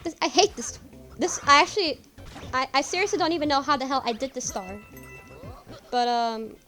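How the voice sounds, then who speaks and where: A woman's voice: high voice, lively intonation, brisk, bright, forceful tone, soft background music. A young woman chatting casually while streaming a game, rambling, repeating herself and swearing often. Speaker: gaming streamer. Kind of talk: casual let's-play chat.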